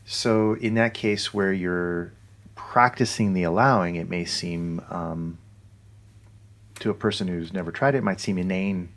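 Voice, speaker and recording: Low-voiced man musing thoughtfully. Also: unhurried. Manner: reflective, explaining ideas in a calm way. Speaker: podcast co-host. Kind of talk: casual podcast conversation.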